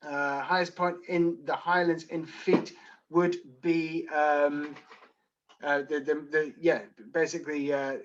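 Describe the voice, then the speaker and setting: A man from Scotland with a mild, London-softened Edinburgh accent, reading out audience questions and answering them briskly and dryly in an online Q and A. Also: on the high side, lo-fi sound, slight background noise. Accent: mild Edinburgh Scottish, softened by London. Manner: brisk, dry and wry, reading questions aloud then answering. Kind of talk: live online Q and A.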